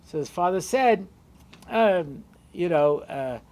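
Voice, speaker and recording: A male rabbi giving a storytelling Torah lecture, conversational with lots of asides. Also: slow. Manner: conversational, many asides and "you know"s; animated, shifting pitch and loudness.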